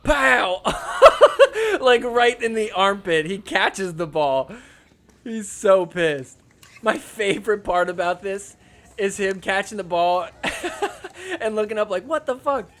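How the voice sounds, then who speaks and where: Male podcast host, high voice, animated and jokey, casual commentary over clips. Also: slow. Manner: animated, laughing, mocking the players.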